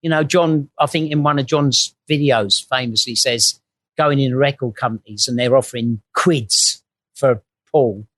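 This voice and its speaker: A man's voice: mid-range voice, a little slow, fairly bright tone, dry recording. A middle-aged man, a guest telling blunt, sweary, rambling stories full of tag questions. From England. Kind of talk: anecdotal storytelling before a live audience.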